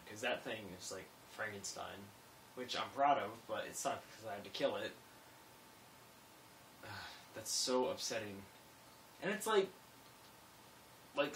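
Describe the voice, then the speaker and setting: A young man vlogging casually, rambling and self-mocking, swinging between low mumbles and sudden loud bursts. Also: a little hiss or hum. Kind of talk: casual vlog monologue. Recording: roomy echo, a bit distant from mic.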